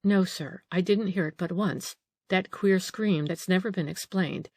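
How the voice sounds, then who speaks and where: A woman's voice: fairly low pitch, measured pace, a little mellow, no echo. A woman reading an audiobook, voicing an old female housekeeper who grumbles, frets and takes offence easily. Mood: fretful.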